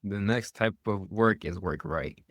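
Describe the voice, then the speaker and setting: A man hosts a podcast interview, and his voice sits low. He announces each next point calmly and evenly. The recording is dry, with no room echo. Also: a little slow. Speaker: podcast host. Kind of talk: interview hosting.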